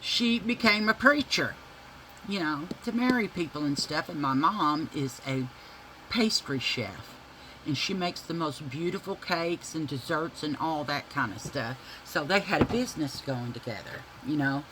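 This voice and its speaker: A woman with a bright, sharp voice spins a rowdy family tale for her viewers, calling them y'all and laughing through it. Her talk is loose and folksy, peppered with cursing, over a faint background hiss. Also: low voice, lively intonation, a little slow, low-quality recording. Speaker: vlogger telling a family story. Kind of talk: casual storytelling to viewers.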